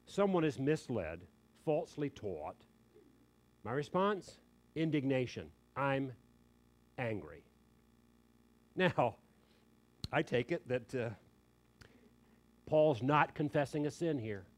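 A man preaching a sermon, emphatic and animated, dropping in quick joking asides. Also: mid-range voice.

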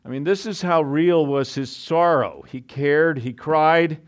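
A man's voice: on the high side, a little slow. A man preaching a sermon in a conversational way, full of asides and restarts.

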